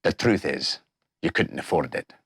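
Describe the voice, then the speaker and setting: A man voicing a grateful outfitter in a tabletop game, speaking slowly and solemnly in a lowered voice. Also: animated, vocal fry, fairly bright tone, breathy edge, no echo, heavily acted. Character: grateful gruff outfitter who got his son back.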